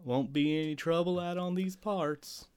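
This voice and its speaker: A man's voice: on the high side, steady tone, a little slow, darkish tone, clear, resonant tone, pitched above the performer's own voice, close to an everyday voice. A man doing a drawling Texan cowboy. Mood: folksy. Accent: Texas, put on. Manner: hammy, playful drawl.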